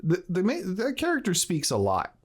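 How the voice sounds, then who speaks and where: A man's voice: sits high, huge pitch swings, normal speed, slightly rough. A man in casual podcast chat about a game, rambling and laughing often. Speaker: podcast co-host.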